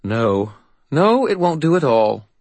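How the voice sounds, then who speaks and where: A man's voice: mid-range voice, sing-song, slow, a little mellow, dry recording, voice pushed up, exaggerated voice. A haughty, ageless fairy godmother , as a man puts her on, arch and commanding in a storybook reading. The voice sits well above a man's usual range and sounds a touch distant, fussing grandly over every detail. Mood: imperious. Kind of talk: audiobook character voice.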